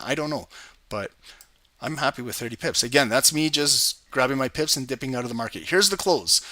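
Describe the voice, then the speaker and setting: A man hosting a live trading stream, giving energetic casual commentary on charts and talking to his viewers. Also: a little high, dry recording. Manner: energetic, swears and laughs, talks to chat by name. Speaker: trading livestream host.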